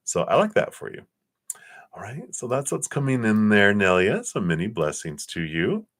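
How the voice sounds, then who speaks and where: Man, deep voice, tarot reader, live stream, gentle, rambling, reassuring. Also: sing-song, moderate pace. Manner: gentle, rambling, reassuring, with many fillers and restarts.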